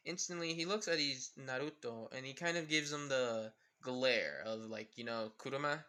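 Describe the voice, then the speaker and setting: A man's voice: mid-range voice, normal speed, sharp tone. A man casually narrating a fan-made crossover story, rambling with many fillers.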